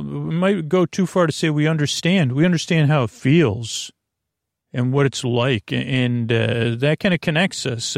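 A man hosting a bedtime podcast in a creaky voice, wandering off topic and repeating himself as he talks. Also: mid-range voice, no room sound, studio quality. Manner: meandering, repeats himself, goes off on tangents. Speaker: sleep podcast host. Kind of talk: rambling bedtime monologue.

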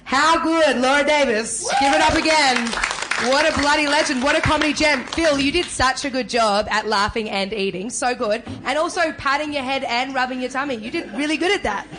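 A woman acting as the comedy-show MC. She hypes up the crowd and introduces the acts in a crude, energetic way. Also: sits high, brisk, noisy background. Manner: hyped-up and crude, whipping up the crowd. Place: comedy club stage.

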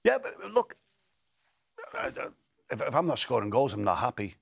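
An older former footballer, a guest in a relaxed interview, tells football stories in a medium-pitched voice that swoops wildly, at normal speed. His voice is creaky and slightly rough, and he often repeats and restarts words. The studio-quality audio has no room sound.

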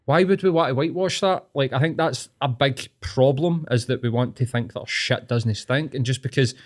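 A man's voice: medium pitch, normal speed. Blunt sweary Scottish man ranting. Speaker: podcast host. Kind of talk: casual podcast chat.

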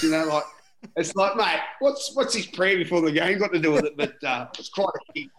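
A middle-aged Australian, formerly a rugby league player, tells meandering stories in a casual interview, filled with "you know" and the odd swear word. His voice is on the high side, fairly quick, and fairly bright, and the echoing room carries a little hiss or hum.

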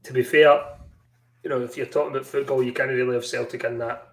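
A man's voice: mid-range voice, level tone, fast, echoey room. A Scottish man co-hosting a football podcast, bantering bluntly and swearing. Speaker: podcast co-host. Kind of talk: casual chat.

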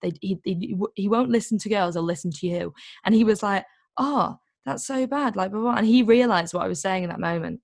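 A woman telling a story in a casual, chatty way, full of "like" and quick asides. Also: mid-range voice, vocal fry, a little mellow, dry recording, studio quality. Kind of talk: casual chat.

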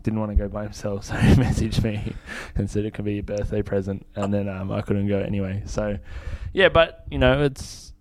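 A man's voice: on the low side, moderate pace, few pauses, dry recording. A man, a chef co-hosting a food podcast, talking in an easygoing, agreeable way and laughing often. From Australia. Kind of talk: casual podcast chat.

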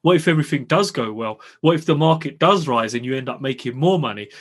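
A man's voice: medium pitch, animated, quick pace, breathy edge. A man hosting a podcast, chatting in an upbeat way and agreeing readily with his guest. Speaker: podcast host. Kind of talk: casual interview chat.

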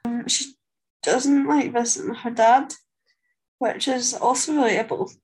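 A woman's voice: fairly high pitch, fairly even intonation, unhurried, a little mellow, breathy edge, rough recording. A woman co-hosting a podcast, chatting casually with wry, offhand asides. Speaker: podcast co-host. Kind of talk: casual chat.

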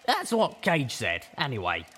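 A man's voice: mid-range voice, huge pitch swings, a little slow, bright, forceful tone, slight background noise, pitched above the performer's own voice, heavily acted. A man voicing a brash, foul-mouthed teenage female griffin, talking bluntly and crudely in a storybook reading.

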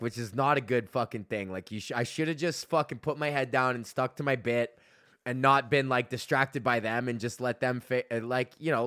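A man hosting a podcast, telling a profane, animated story in a casual rant, often laughing. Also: medium pitch, dry recording, studio quality. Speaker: podcast host. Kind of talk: casual ranting monologue.

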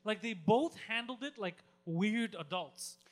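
A man with a high-pitched voice telling a story on a comedy podcast. He talks loosely and crudely and swears often. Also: unhurried. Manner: retells stories with acted quotes, swearing. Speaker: podcast co-host.

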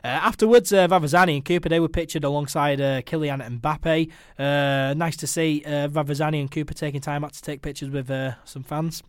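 Laughing, excitable man, dry sound. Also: on the high side, brisk, few pauses, clean tone, dry recording. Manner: laughs often, excitable, repeats words. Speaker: podcast host. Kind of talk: casual football chat.

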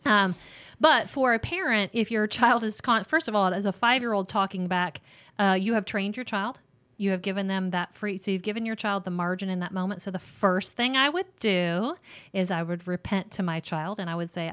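A woman's voice: medium pitch, moderate pace, fairly bright tone. A middle-aged woman hosting a faith-based parenting advice chat, earnest and chatty, often acting out little example conversations.

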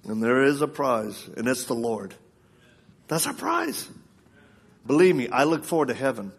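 His voice is mid-range with a breathy edge, and he talks fairly quickly while preaching at a live service. The man tells a story full of laughter in an animated way, acting out the quoted voices of the people involved.

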